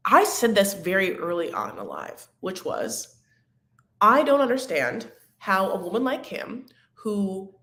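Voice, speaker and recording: A woman recapping a reality show in a catty, dramatic, gossipy manner, with sudden loud outbursts. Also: mid-range voice, echoey room. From Arab-American. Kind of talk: casual recap chat.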